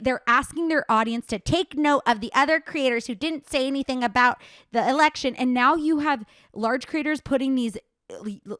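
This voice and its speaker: A woman's voice: high-pitched, a bit bright, no room sound, studio quality. Fired-up swearing woman podcaster. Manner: fired-up ranting, frequent swearing. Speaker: podcast host. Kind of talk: solo commentary podcast.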